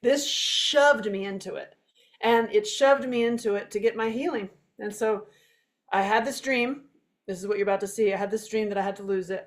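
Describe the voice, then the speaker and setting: A woman giving live commentary on her own documentary, chatty and animated, rushing from one thought to the next. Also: mid-range voice. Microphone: home video stream microphone.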